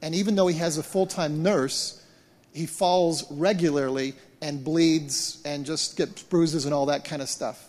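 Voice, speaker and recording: A man preaching as a pastor, retelling events in an animated way and often repeating words as he restarts. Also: on the high side, measured pace. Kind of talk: sermon storytelling. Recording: long hall reverb.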